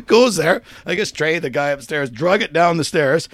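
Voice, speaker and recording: A man telling a long, profane story on a podcast, acting out both sides of a shouting match and laughing often. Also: a little high, normal speed, no room sound. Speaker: podcast co-host. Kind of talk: casual storytelling chat.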